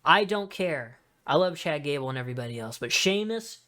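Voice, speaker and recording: A man hosting a podcast in a casual solo chat, talking in an excitable, rambling way with many asides. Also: fairly high pitch, normal speed. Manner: excitable, rambling fan talk with frequent fillers and asides. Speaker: wrestling podcast host.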